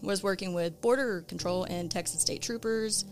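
A woman with a mid-range voice hosts a true crime podcast, telling a case at a moderate pace over soft background music. Her storytelling is relaxed and casual, sprinkled with plenty of ums and uhs.

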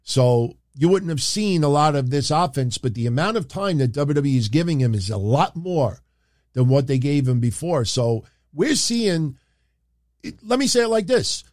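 A man's voice: fairly high pitch, expressive, moderate pace, a little mellow, dry recording, studio quality. A man hosting a casual wrestling recap, chatting straight to his viewers with plenty of fillers. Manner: chatty, addresses the audience directly, many fillers. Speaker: wrestling show host.

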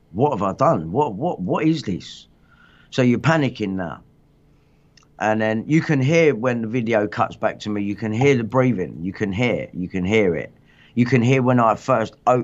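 A man hosting a livestream, telling his story in agitated, rambling casual chat full of swearing. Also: lowish voice. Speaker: livestream host. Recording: dull lo-fi stream audio.

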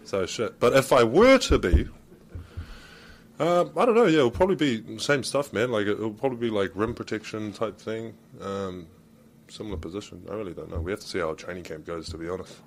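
A man's voice: lowish voice, animated, fairly quick. A man with a New Zealand accent answering reporters at a press conference, laid-back and casual, swearing and calling people mate. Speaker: basketball player.

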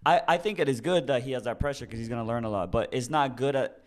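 A man's voice: mid-range voice, quick pace. A man co-hosting a casual soccer podcast, talking in hesitant restarts with some swearing. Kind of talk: casual sports chat.

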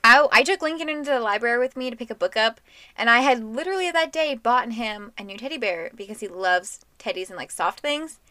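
A woman with a bright, slightly high voice, recorded dry and close. She chats casually as a podcast co-host, relaxed and quick to agree and laugh. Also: dry recording. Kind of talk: casual chat.

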